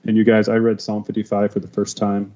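A man tells his faith testimony as a podcast guest, stumbling and restarting as the emotion comes through. His voice is low and mellow. The recording sounds a little dull and muffled. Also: completely flat delivery. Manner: emotional, halting, many restarts. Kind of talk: personal testimony.

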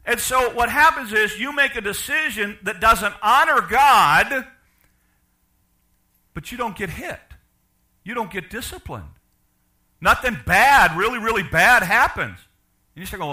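An older man preaching a sermon, asking the congregation questions and swinging from loud to quiet. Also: high-pitched, lively intonation, moderate pace. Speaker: pastor.

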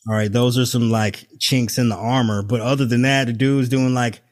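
A man's voice: medium pitch, steady tone, normal speed. Profane sarcastic male podcast host. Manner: profane, sarcastic, laughs often. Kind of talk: casual political chat. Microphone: video call.

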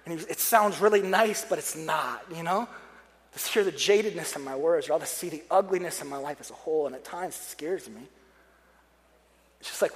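A man's voice: a little high, fairly quick. A young adult man preaching a sermon, chatty and joking, turning earnest and pleading when he prays. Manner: conversational, joking asides, earnest prayer passages. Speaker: pastor. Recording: long hall reverb.

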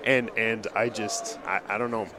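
At a conference booth amid the crowd chatter of a busy hall, a dentist who hosts a podcast talks in a fairly low voice with fairly even intonation at a normal speed. His casual conversation is earnest and emotional, and he repeats words often. Background noise is audible.

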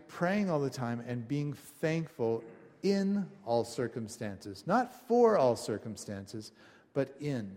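A man preaching a conversational sermon, telling stories with animated asides to his congregation. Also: medium pitch. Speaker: pastor. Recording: long hall reverb.

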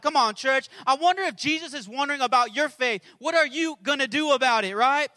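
A male pastor preaching with a strikingly high, bright, ringing voice. He calls out to his congregation, swings from loud shouted prayers down to near-whispers, and sounds close and dry on the mic. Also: brisk, few pauses, dry recording. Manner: impassioned preaching, shouting prayers and dropping to a hush. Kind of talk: sermon.

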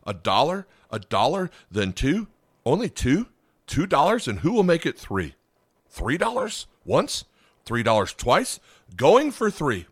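A man's voice: on the high side, huge pitch swings, a little slow, slightly rough, voice pushed up, heavily acted. A man voicing an eager male auctioneer who calls out and repeats bids in a poem he reads aloud.

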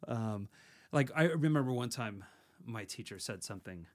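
A man's voice: mid-range voice, lively intonation, measured pace, a little mellow. A man co-hosting a podcast and teaching meditation in casual chat, rambling and self-correcting, laughing easily.

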